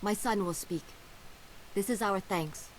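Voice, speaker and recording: A woman's voice: mid-range voice, measured pace, a little hiss or hum, lightly acted, poor audio. An actress voicing a grateful mother of a rescued son in a video game, speaking with earnest solemnity.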